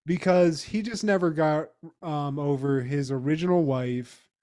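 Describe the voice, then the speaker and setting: Animated, laughing male podcast co-host. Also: a little high, measured pace. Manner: animated, laughing, profane storytelling. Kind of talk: casual chat recapping a TV episode.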